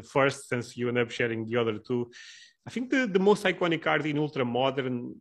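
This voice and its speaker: Hesitant man hosting a podcast chat. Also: mid-range voice. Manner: hesitant, many restarts and fillers. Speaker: podcast host. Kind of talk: casual podcast interview.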